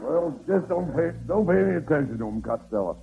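Exasperated straight man, lively voice. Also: fairly high pitch, a little fast, vocal fry, narrow, tinny audio, very noisy. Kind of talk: 1940s radio comedy.

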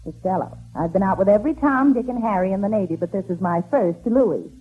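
An actress playing a sassy young woman in a 1940s radio comedy, delivering slow, teasing put-downs. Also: mid-range voice, expressive, over loud music, close to an everyday voice. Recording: tinny old radio broadcast.

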